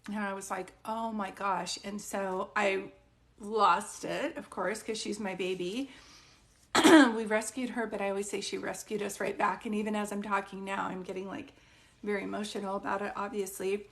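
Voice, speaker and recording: A woman's voice: mid-range voice, level tone, normal speed, vocal fry. Chatty woman psychic medium on a live stream. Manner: chatty and rambling, talking straight to viewers. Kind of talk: casual live-stream chat with viewers.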